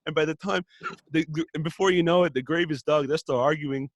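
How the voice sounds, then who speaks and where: A man casually telling a story on a podcast, acting out the characters' quotes in lively voices. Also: a little high, fairly quick, no echo. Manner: animated, acts out characters' quotes. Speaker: podcast co-host.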